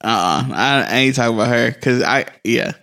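A man of middling pitch chats casually as a podcast co-host. He rambles in an easygoing way, trailing into filler words. He laughs often as he talks. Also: fairly quick, pushed and bright.

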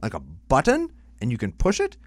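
A man co-hosting a podcast with dry, crude humor. His pitch is mid-range but moves a lot, and the recording is close and dry. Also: huge pitch swings, brisk, no room sound. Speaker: podcast co-host. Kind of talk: casual chat.

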